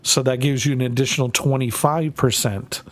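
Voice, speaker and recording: A man's voice: mid-range voice, steady tone, moderate pace. A man chatting casually to viewers while he plays a game on a live stream, talking in a loose, rambling way with plenty of swearing.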